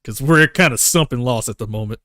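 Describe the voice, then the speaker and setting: A man's voice: mid-range voice, a little fast, bright, forceful tone, no room sound, pitched below the performer's own voice, lightly acted. A man voicing an older woman adventurer who talks in a drawling, slangy way. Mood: musing.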